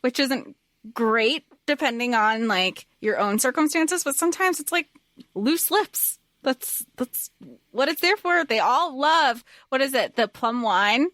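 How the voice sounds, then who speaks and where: A woman co-hosting a podcast, chatting casually and excitedly about a book and acting out characters' lines. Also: no room sound. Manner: excitable, quick pitch jumps when quoting characters. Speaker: podcast co-host.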